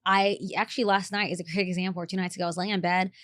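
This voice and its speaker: Talking very fast with a fairly low pitch, this podcast co-host keeps the chat casual. She tells stories animatedly, giggling and laughing often.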